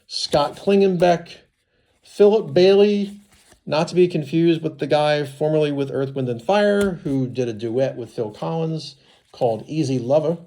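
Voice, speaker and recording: A man with congested sinuses, unboxing baseball cards in casual commentary, reading names slowly with chatty asides. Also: on the high side, warm tone.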